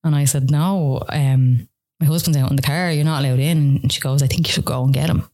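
A woman's voice: deep voice, fairly even intonation, brisk, warm tone. An Irish woman, a podcast guest, telling a personal story in casual conversation, full of "like" and retold dialogue. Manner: rambling, frequent "like" fillers, retells dialogue.

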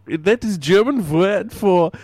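A man's voice: high voice, animated, slow pace, darkish tone, no room sound, voice pushed up, heavily acted. A man doing a pompous mob boss caller. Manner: repetitive, pompous, mangled grammar. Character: male Italian mob boss caller with a thick put-on accent. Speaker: comedy podcast co-host. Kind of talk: improvised comedy character.

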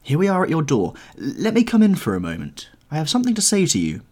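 A man's voice: fairly high pitch, wildly swooping pitch, fast talker, darkish tone, pitched above the performer's own voice. A man voicing a grave, earnest male painter in an audiobook, pleading with mounting urgency. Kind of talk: audiobook character reading.

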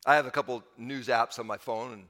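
Bright-voiced male pastor preaching in a hall. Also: medium pitch, fairly even intonation, fairly quick. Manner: emphatic, repeats key phrases. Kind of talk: sermon.

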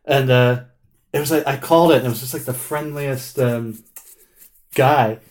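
A man's voice: mid-range voice, normal speed. A man telling a long, wry story in casual chat, with plenty of filler words and restarts. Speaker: musician guest.

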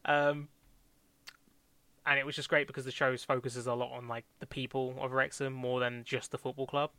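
A man's voice: mid-range voice, flat delivery, moderate pace, sharp tone, no echo. A young man chatting casually about TV shows as a podcast co-host, rambling with lots of fillers, restarts and laughs. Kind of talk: casual chat reviewing TV shows.

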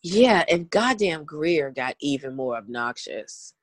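Laughing, animated woman podcast co-host. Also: low-pitched, slow, no room sound. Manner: laughs often, playful, swears casually. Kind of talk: casual chat.

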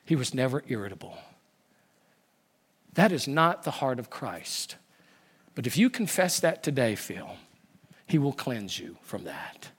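A man voicing an elderly male pastor in his eighties with a deep voice, speaking slowly and quietly as he probes. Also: big pitch swings, husky, long reverb tail, full character voice. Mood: solemn. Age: 80s. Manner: slow, quiet, probing.

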